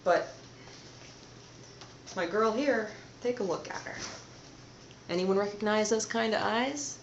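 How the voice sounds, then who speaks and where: Woman host, soft-spoken conspiratorial monologue to camera; roomy, dull-edged home audio. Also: medium pitch, takes it slowly, slight background noise. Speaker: channel host.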